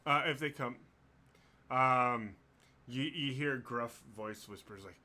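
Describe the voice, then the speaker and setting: A man running a tabletop game as game master, relaxed and laughing often, with lots of fillers and restarts. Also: medium pitch, takes it slowly.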